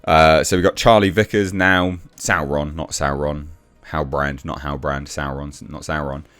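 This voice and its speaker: A man's voice: extremely low pitch, fairly even intonation, measured pace, fairly bright tone, clear, resonant tone, faint music behind. A man giving a blunt, exasperated casual review rant, with frequent restarts and swearing.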